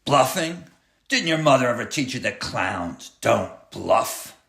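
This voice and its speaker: In a full character voice, a man goes gravelly and a bit bright at medium pitch, very animated yet a little slow. He's the cruel, taunting clown behind the wheel of a school bus, menacingly barking sneering, bossy threats, recorded in an echoey room.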